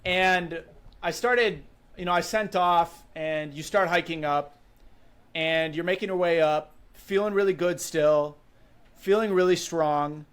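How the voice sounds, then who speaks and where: High-voiced young man telling a story. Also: a little slow, smooth. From Wisconsin, USA. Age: 20s. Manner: animated, vivid recounting with frequent "like" and "you know". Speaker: podcast guest. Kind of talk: casual storytelling.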